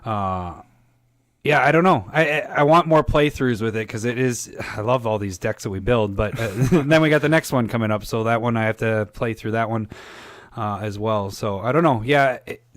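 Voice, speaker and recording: A man's voice: medium pitch, moderate pace, no echo, studio quality. A man co-hosting a podcast about a card game, talking casually, rambling and laughing often. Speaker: podcast co-host.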